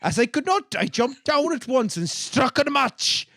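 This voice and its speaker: A man's voice: very high voice, big pitch swings, normal speed, fairly bright tone, no echo, clean studio sound, pitched above the performer's own voice, full character voice. A man reading out an old account in a put-on Welsh accent, voicing a Victorian male steward who describes finding a body. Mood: mock-dramatic. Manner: mock-earnest reading-aloud voice.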